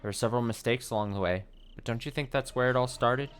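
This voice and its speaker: A man hosting a let's play, reading a visual novel's text aloud in a steady voice with short wry asides. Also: mid-range voice, quick pace, soft background music.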